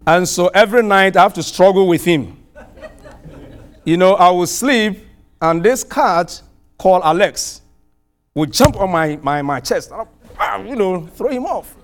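High-voiced man preaching a story. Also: unhurried, faint music behind. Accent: non-American. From outside the US. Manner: animated storytelling, pitch swinging widely. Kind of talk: sermon with personal story.

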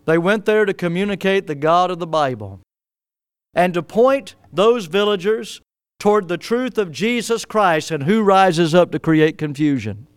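High, smooth-voiced preacher man. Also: no room sound, clean studio sound. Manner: preaching with sudden swings from loud to hushed, stretching key words; repeats words and restarts mid-phrase. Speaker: pastor. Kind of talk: sermon.

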